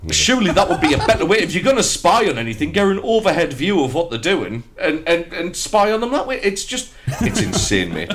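A man co-hosting a casual football chat show with jokey, animated banter. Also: on the high side. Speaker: co-host.

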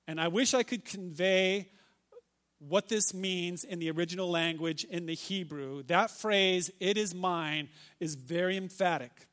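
A man with a notably high voice delivers a sermon from the pulpit. He reads scripture aloud and lingers on key phrases, repeating them slowly and with emphasis. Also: a bit bright. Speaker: pastor.

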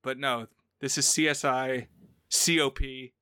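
A man with a bright, crisp voice co-hosting a podcast review chat. He lays out details methodically and explains things at an easy conversational pace. The sound is close and dry. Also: mid-range voice, steady tone, measured pace, no echo. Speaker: podcast co-host.

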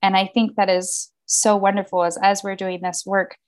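A young adult woman hosting a casual conversation, responding warmly and affirmingly to her guest, then talking about her own experience. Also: mid-range voice, little pitch movement, normal speed. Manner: affirming, supportive listener.

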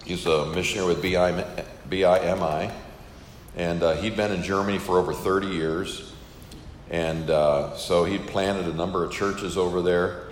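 A man's voice: sits low, fairly even intonation, normal speed, reverberant, big-room sound, slight background noise. An older man who is a missionary, casually telling a story to an audience and acting out the dialogue. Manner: casual, chatty, acts out quoted dialogue.

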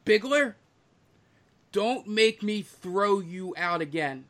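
Brisk female bartender, firm and bossy, put on by a man running the game. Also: high voice, lively intonation, a bit bright, pitched above the performer's own voice, full character voice. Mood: scolding.

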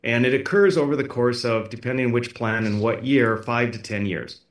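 A man's voice: medium pitch, normal speed, echoey room. A man as a political candidate guest in a podcast interview, talking emphatically and repeating words as he presses his points. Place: podcast studio.

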